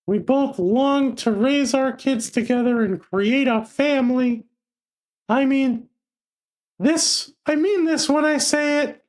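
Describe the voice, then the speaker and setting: A woman reading aloud the lines of a domineering male romance hero in her own voice, flat and stumbling. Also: high-pitched, takes it slowly. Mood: heartfelt.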